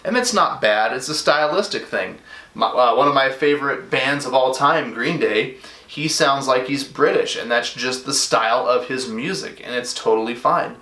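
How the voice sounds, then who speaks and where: A man's voice: medium pitch, moderate pace, sharp tone, roomy sound. A man teaching a recorded music lesson to his students in a casual, chatty way, full of asides and fillers.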